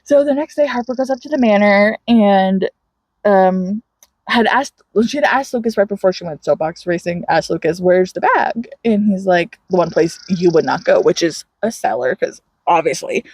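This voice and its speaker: A woman co-hosting a book podcast tells a story with a lot of energy and plays out each character's lines. Her voice is a little husky, and her pitch jumps around a lot as she talks. The recording is close and dry. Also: normal speed, dry recording. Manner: animated storytelling with frequent laughter and acted-out quotes. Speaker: podcast co-host. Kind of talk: casual book recap chat.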